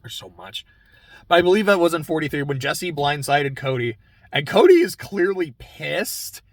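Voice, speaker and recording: A man's voice: a little high, big pitch swings, moderate pace, no echo. Man, tenor-ish, dry close sound; candid chatty recapper who swears freely. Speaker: reality TV recap host. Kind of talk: casual episode recap commentary.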